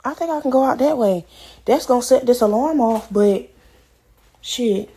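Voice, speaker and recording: A young pregnant woman telling a storytime as a vlogger, animated and chatty with lots of slang. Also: on the high side, normal speed. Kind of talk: casual storytime.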